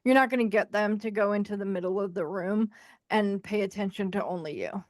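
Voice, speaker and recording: A podcast co-host speaks briskly in a medium-pitched voice, recorded at studio quality with no room sound. Candid and animated, she shares her own experiences and frequently performs what others said.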